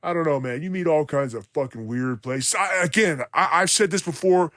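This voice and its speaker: A man's voice: a little high, normal speed, fairly bright tone, dry recording, studio quality. A man hosting a podcast, telling a rambling, profane story in blunt casual talk. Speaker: podcast host.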